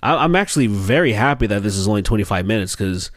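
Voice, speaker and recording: A man's voice: fairly low pitch, animated, fast talker, dry recording, studio quality. A man hosting a reaction video, making wry, unimpressed remarks in casual commentary.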